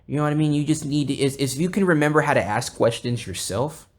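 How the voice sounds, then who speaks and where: Young man, podcast host, casual storytelling, profane, animated, rambling. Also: on the high side, fast talker.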